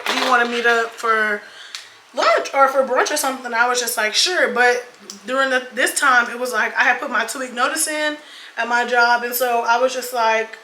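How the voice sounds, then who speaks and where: A woman's voice: on the high side, sharp tone, slight background noise. A young woman in her twenties telling a dating story while doing her makeup, chatty and casual, cursing freely and calling her viewers y'all and girl. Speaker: beauty vlogger. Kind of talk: casual get-ready-with-me storytime. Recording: echoey room with faint ambience.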